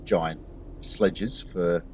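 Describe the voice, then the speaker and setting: A man's voice: low-pitched, steady tone, very slow, a little mellow, a little hiss or hum. A man narrating as game master in a tabletop game, rambling with many restarts.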